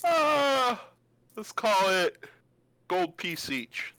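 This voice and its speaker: A game master narrating a tabletop game on a home stream, relaxed and laughing often. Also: medium pitch, very slow, no room sound.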